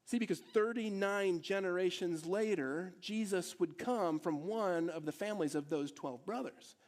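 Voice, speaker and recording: A male pastor with a voice that sits high speaks at normal speed, a little mellow. He preaches conversationally to his church at a service held in a theatre hall, posing rhetorical questions to the congregation.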